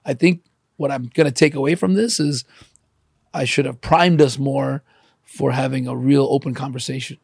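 Male podcast host, husky voice, candid and casual, swears freely, dry close sound. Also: mid-range voice, fairly even intonation, normal speed, a little mellow, no echo. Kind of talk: casual interview chat.

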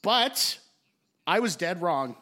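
A man's voice: high-pitched, big pitch swings, takes it slowly, sharp tone. A young man co-hosting a casual film podcast, enthusiastic and swearing freely as he ranks his favorite movies. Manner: enthusiastic, swears freely, draws out key phrases. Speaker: podcast co-host.

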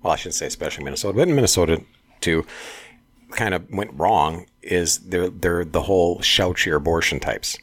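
A man with a very low voice talking politics on a casual talk show. He pauses and restarts as he hunts for the right words. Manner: halting, searches for words.

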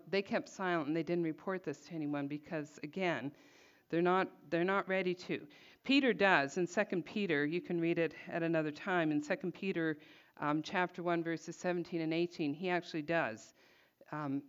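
Woman Bible teacher, lowish voice, chatty and emphatic, dull recording. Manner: conversational, reads scripture aloud with expressive emphasis.

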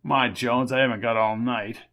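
A man's voice: mid-range voice, steady tone, moderate pace, a bit bright, pitched below the performer's own voice, lightly acted. A man voicing an older, boastful schemer who needles everyone in a smug, self-important way. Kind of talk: audiobook character voice.

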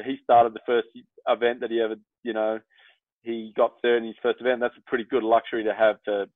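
An Australian man talks shop in a casual chat, blunt and lively, swearing freely as he tells his stories. His voice comes through a narrow, tinny band. The sound is dry and close. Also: medium pitch, no echo. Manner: blunt, animated storytelling with swearing. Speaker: surf coach guest.

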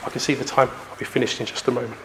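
A man, preaching a sermon emphatically with pauses for effect. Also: medium pitch, little pitch movement, a bit bright, slight background noise.

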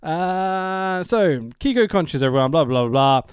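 Man, casual podcast chat, sweary, laughs often, smooth voice, lively pitch. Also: a little slow, no room sound, studio quality. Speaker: podcast co-host. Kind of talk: casual wrestling review chat.

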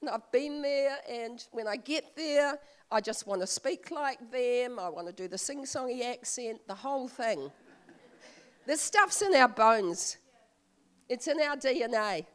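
Woman preacher, sermon, slow heartfelt delivery, higher voice. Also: lively intonation, fairly bright tone. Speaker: visiting preacher.

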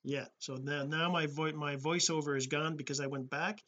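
Man for a casual home tutorial: husky, a touch high, loose and self-correcting. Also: steady tone, moderate pace, bright, forceful tone, dull audio. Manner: rambling, self-correcting, many fillers. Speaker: tutorial host. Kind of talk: casual screen-recorded tutorial. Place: home desk setup with computer.

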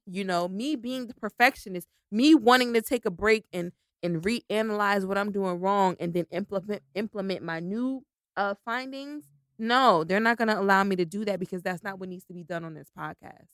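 A woman co-hosts a podcast in casual chat, talking in excitable bursts that jump loud. Her voice is smooth and clear, and the recording is dry and close. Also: medium pitch, normal speed, no room sound. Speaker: podcast co-host.

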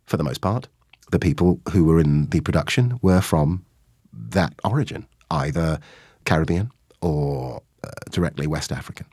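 Deep-voiced actor guy, lively swings in pitch, dry close sound, acts out the lines he quotes. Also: normal speed, breathy edge, no echo. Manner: animated storytelling, acting out quoted lines. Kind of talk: interview answers.

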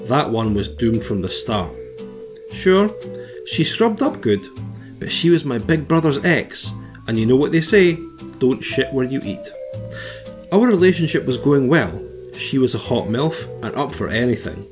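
A man's voice: mid-range voice, very animated, a little slow. A boastful sixteenth-century English king, as read by a man, scornful of women and full of himself. He reads a comic letter in a grand, self-important way over a faint bed of music. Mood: pompous. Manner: grandly reading a letter in character. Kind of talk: comedic letter reading.

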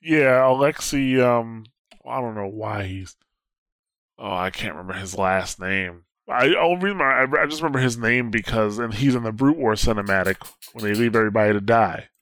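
A man chatting casually about video games on a podcast, animated and laughing often, with casual swearing. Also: fairly low pitch, moderate pace, dry recording. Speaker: podcast co-host. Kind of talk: casual gaming chat.

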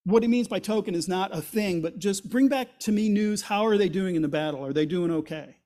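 A man's voice: sits high, brisk, dark tone. A man preaching a sermon as pastor, in a conversational, explanatory way, asking rhetorical questions and voicing the quotes he reads. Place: church.

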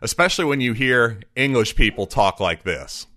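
A man's voice: mid-range voice, animated, moderate pace, sharp tone, no echo, clean studio sound. Emphatic man narrating a history lesson. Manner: emphatic, with rhetorical questions. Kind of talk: scripted narration.

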